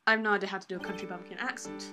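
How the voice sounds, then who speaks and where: A woman's voice: mid-range voice, fairly even intonation, very fast, music in the background. A woman making casual, self-deprecating asides while reading a game aloud.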